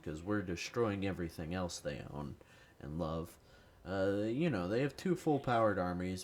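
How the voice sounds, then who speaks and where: A gaming YouTuber with a low voice and a cold offers casual commentary over gameplay, rambling, swearing, and putting himself down. There's slight background noise.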